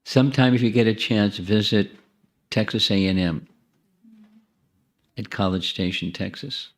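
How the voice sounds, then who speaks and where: A deep-voiced man lecturing on spiritual teachings, talking in a loose, conversational way. He often restarts his phrases and turns to the audience with friendly asides. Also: measured pace. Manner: repeats and restarts phrases while thinking. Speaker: monk giving a spiritual talk.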